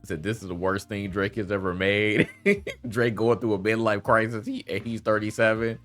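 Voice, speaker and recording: A man's voice: lowish voice, normal speed, soft background music. Laughing slangy man ranting casually. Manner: animated, laughing, loose slangy rant. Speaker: commentary vlogger. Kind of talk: casual reaction commentary.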